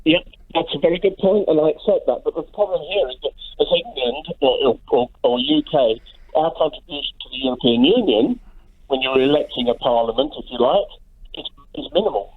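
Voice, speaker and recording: A man's voice: fairly high pitch, fairly quick, breathy edge. A man arguing his point on a radio phone-in. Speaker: caller. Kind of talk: phone-in call. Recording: tinny phone line.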